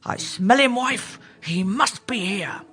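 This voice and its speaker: A woman's voice: expressive, slow pace, breathy edge, faint music behind, full character voice. Woman doing a bellowing giant ogre. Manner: booming chant, yelling. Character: huge loud bellowing male ogre.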